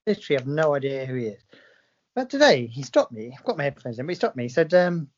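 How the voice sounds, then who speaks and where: Playful English man with a lively voice. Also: fairly high pitch, fast talker. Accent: southern English. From England. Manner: playful storyteller, acts out voices in anecdotes. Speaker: podcast co-host. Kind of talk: casual chat. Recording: slightly dull lo-fi sound.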